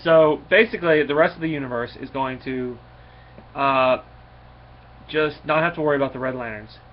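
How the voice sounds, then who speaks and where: A man casually recapping a comic book issue in a rambling, halting way, with many fillers and restarts. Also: medium pitch. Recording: slightly dull recording with faint noise.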